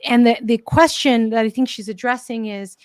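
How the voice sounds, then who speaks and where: A woman giving a live pet mediumship reading, gentle and reassuring, with many fillers and restarts. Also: fairly high pitch, normal speed, smooth, dry recording, clean studio sound. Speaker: tarot reader and pet medium.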